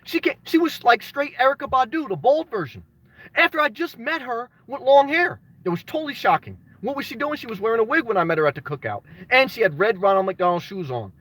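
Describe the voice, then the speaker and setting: A man with a high-pitched voice hosts a casual livestream, greeting his viewers by name and drifting into loose, rambling stories. The sound is close and dry, with no room around it. Now and then he bursts out in an excited shout. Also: fairly quick, no echo. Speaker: vlogger reading live chat.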